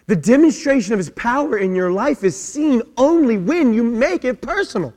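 A man with a very high voice preaching an emphatic sermon. He hammers his points through repetition and builds up to shouts. The sound rings with long reverb, as in a large hall.

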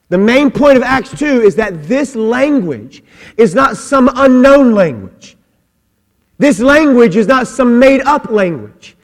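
A high-voiced male pastor gives a lively, joking sermon in a church sanctuary, with long hall reverb echoing around him. He's animated, tossing in joking asides and making many quick restarts.

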